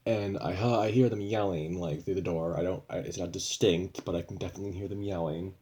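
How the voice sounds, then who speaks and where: Low-voiced young man venting, profane. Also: steady tone, fairly quick, mellow. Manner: rambling, profane, frustrated. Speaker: vlogger. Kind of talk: casual venting vlog.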